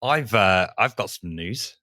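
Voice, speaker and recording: A man's voice: lowish voice, lively intonation, a little slow, bright, forceful tone, dry recording, clean studio sound. A man co-hosting a podcast with a slight lisp from braces, laid-back and teasing. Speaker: podcast co-host. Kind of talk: casual podcast banter.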